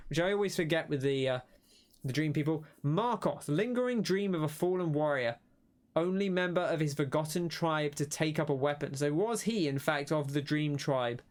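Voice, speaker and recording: On the high side and a little fast, this young man's voice sounds animated as he comments casually during a let's play. He thinks out loud about what he's seeing, musing, rambling, and interrupting himself.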